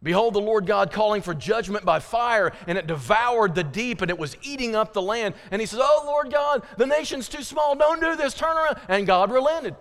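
A man preaching a sermon as pastor, reading scripture dramatically, swinging between loud pleading and hushed emphasis. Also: high voice, long reverb tail.

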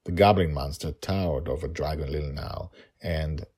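A man's voice: very deep voice, moderate pace, creaky, few pauses, darkish tone, slightly rough. A man narrating a story and reflecting on it in an emotional, thoughtful way.

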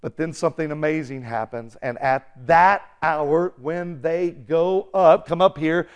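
A man preaching an animated sermon, acting out quick voices and shifting between loud bursts and quiet asides. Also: on the high side, clean tone. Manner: excitable, acts out voices, shouts and laughs. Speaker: pastor.

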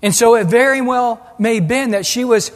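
A man preaching a sermon as pastor, animated and acting out the voices he quotes. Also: extremely high pitch, normal speed. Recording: long hall reverb.

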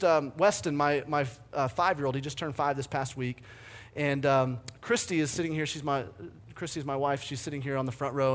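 A man in his thirties preaching a sermon, energetic and fired up, telling stories with big swings in his voice. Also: on the high side. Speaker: pastor.

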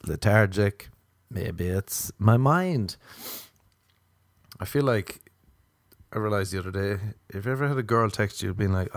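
Sardonic low-voiced man ranting. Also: a little slow, a little mellow, no echo, studio quality. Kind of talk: casual monologue.

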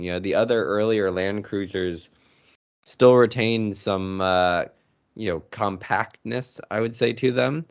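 Very low-voiced groggy man. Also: no room sound. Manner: laid-back, lots of "you know". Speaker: podcast co-host. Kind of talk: casual chat. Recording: muffled lo-fi audio.

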